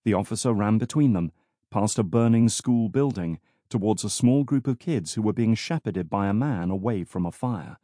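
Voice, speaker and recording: A man narrating an audiobook in measured, scripted storytelling. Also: fairly low pitch, expressive, dark tone, dry recording. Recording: dry studio recording.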